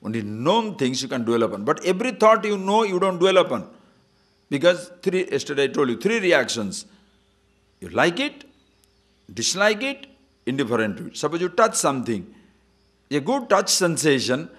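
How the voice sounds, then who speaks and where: A man teaching scripture as a swami in a spiritual discourse, teasing his listeners with rhetorical questions and chanting short verses slowly. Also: high-pitched, very animated, a bit bright. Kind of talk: spiritual discourse to a live audience.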